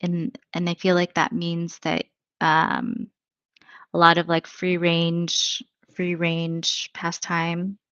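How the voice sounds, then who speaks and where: A woman's voice: lowish voice, completely flat delivery, takes it slowly, fairly bright tone, smooth, dry recording, dull audio. A woman psychic medium giving a live reading in a chatty, thinking-aloud way, full of fillers.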